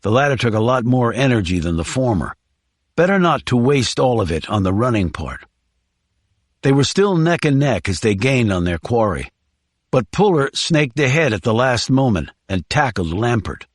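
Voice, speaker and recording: An audiobook narrator, a man, tells the scripted story in an even, measured voice. It sits in the mid range, recorded cleanly in a studio with no room sound.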